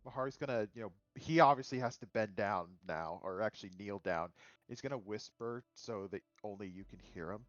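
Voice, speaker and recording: A man's voice: fairly low pitch, a little fast, a bit bright, muffled recording, faint music behind. A man playing a tabletop game, describing his character's moves eagerly. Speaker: player.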